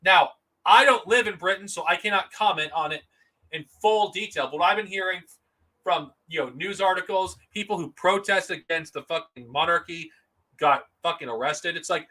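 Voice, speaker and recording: A man's voice: high voice, normal speed, bright, forceful tone. A man streaming alone, ranting with heavy profanity and stumbling over his words as he repeats himself. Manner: profane angry ranting with stammered restarts. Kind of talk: solo live-stream rant.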